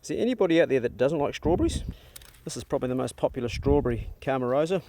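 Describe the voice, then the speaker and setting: A man's voice: medium pitch, animated, racing, noisy background. A middle-aged New Zealand man with a New Zealand accent, chatting casually and bluntly while filming his farm chores on a handheld phone outdoors. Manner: laid-back, chatty, blunt and joking. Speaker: vlogger. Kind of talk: casual rural vlog narration. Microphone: handheld phone or camera.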